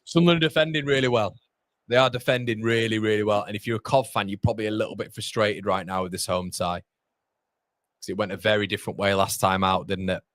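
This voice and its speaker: A man's voice: lowish voice, flat delivery, fast talker, fairly bright tone, dry recording. A young man hosting a live football watchalong, commenting on the match and reading viewer comments aloud with frequent laughs. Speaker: watchalong host.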